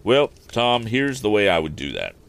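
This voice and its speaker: A man's voice: on the low side, wildly swooping pitch, normal speed, gravelly, fairly bright tone, clear, resonant tone, pitched above the performer's own voice, full character voice. A man voicing a kindly older inventor father in a storybook, speaking mildly. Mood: fatherly.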